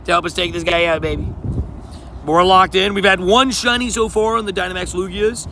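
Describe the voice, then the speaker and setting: Laid-back gravelly young man streaming outdoors. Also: high voice, fairly even intonation, normal speed, sharp tone, slight background noise. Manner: laid-back and slangy, greeting chatters by name. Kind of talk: casual live-stream chat.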